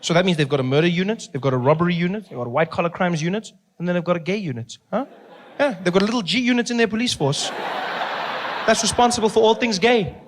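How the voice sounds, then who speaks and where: A man's voice: high voice, fast. South African man doing stand-up. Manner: playful storytelling, often laughing mid-line. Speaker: comedian. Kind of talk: stand-up comedy.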